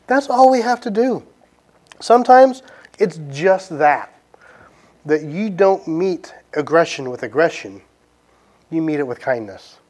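A man's voice: fairly high pitch, expressive, measured pace, long pauses, darkish tone. A man with a Southern US accent preaching a sermon in a conversational way, asking rhetorical questions, then closing in prayer. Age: adult, past his teens. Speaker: pastor.

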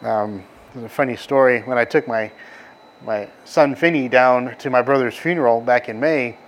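A middle-aged man from the American South with a softened Southern accent, preaching a casual, rambling sermon full of stories and fillers. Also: medium pitch, normal speed, muffled recording. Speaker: pastor.

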